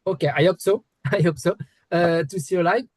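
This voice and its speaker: A man's voice: high-pitched, a little fast, a little mellow, no room sound. A man from France with a French accent, interviewing a musician in English, his second language, with many hesitations and restarts. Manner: hesitant, restarts often, polite apologies.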